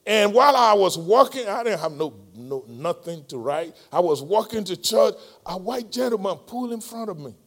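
A middle-aged man with a Nigerian accent preaching a sermon, moving between loud, emphatic appeals and quiet, close storytelling. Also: high-pitched, big pitch swings, moderate pace, hardly any pauses.

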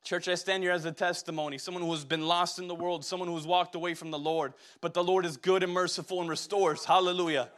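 A young man preaches with a high, bright voice. He exhorts the congregation and throws call-and-response questions at them. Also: little pitch movement, fast, few pauses. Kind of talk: sermon.

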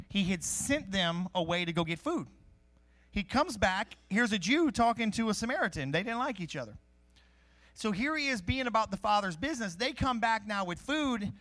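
A man preaching a sermon in a conversational, animated way, teaching from scripture with jokes and asides. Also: sits high. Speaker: pastor. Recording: live-streamed sermon.

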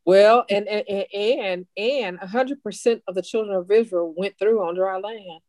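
A woman's voice: medium pitch, unhurried, a little mellow, dry recording. A woman in a church discussion class asking probing follow-up questions.

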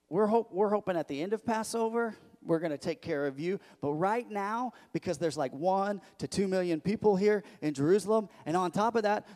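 A man preaching voices religious leaders who casually ask a teacher to calm his followers down. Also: high-pitched, natural voice. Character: scheming male religious leaders, nervous and dismissive. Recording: echoey hall.

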